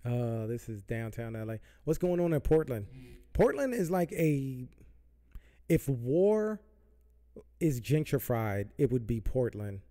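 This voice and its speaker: Man ranting heatedly, mellow voice. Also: medium pitch, big pitch swings, normal speed. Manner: profane, heated, repetitive. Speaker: podcast host. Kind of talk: political rant. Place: Southern California.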